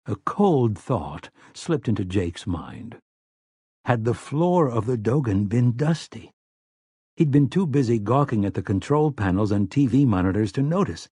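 A man narrating an audiobook in a steady, measured storytelling manner. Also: mid-range voice, breathy edge, dry recording. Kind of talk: scripted narration.

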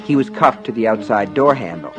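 A man reading an audiobook in a measured, dramatic storytelling manner. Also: lowish voice, lively intonation, over music. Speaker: audiobook narrator. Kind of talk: scripted audiobook narration.

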